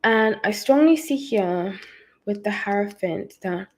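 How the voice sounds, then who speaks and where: A woman's voice: medium pitch, lively intonation, a little slow. A woman hosting a casual tarot livestream from home, chatting with viewers and greeting them by name between rambling asides.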